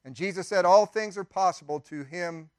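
High-voiced older male pastor preaching. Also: darkish tone, clear, resonant tone, dry recording. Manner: conversational preaching with asides and quick acted-out quotes. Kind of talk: sermon. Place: church.

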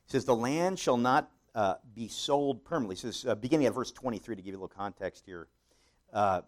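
Brief: male pastor, lowish voice, emphatic sermon delivery with loud swells. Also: a little fast. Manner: emphatic, with dramatic swells on scripture quotes; rambling with frequent fillers and restarts.

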